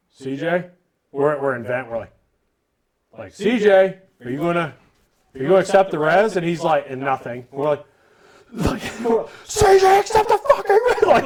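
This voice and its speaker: A man co-hosting a live podcast, telling a gaming story with swearing and acted-out shouts from his friends. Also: a little high. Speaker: podcast co-host. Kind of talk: casual storytelling chat.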